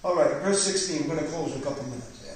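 A man's voice: on the high side, rapid-fire, slight background noise. A man pastor leading a Bible study sermon in a church, preaching fervently with rising emphasis. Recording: echoey church hall, distant mic.

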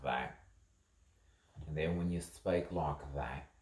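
Very deep gravelly man, slow musing monologue. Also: expressive, darkish tone, roomy sound. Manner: rambling, musing, repetitive. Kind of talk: improvised spoken monologue.

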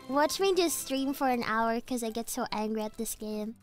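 A young-sounding woman with a high voice chats casually while streaming a game. She rambles playfully, jumping from topic to topic with frustrated outbursts. Faint game music plays underneath. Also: normal speed. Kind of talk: casual gaming livestream chat.

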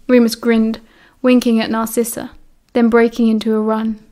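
British woman reading audiobook, kinda higher voice, steady and clear. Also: normal speed. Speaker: audiobook reader. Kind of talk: audiobook narration.

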